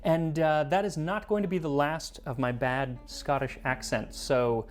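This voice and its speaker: Lively man narrating a cooking history show. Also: on the high side, moderate pace, soft background music. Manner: playful, jokey asides.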